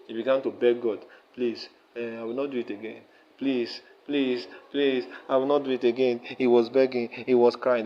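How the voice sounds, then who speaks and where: A man's voice: medium pitch, darkish tone, muffled recording. A male pastor preaching, reading verses aloud and then retelling them in plain words while checking in with his listeners. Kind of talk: sermon, reading and explaining scripture.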